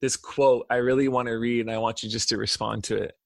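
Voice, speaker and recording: A man's voice: medium pitch, fairly even intonation, fast, gravelly, no room sound. A middle-aged man hosting a podcast interview, reflective and affirming as he asks questions. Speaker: podcast host. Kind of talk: casual interview.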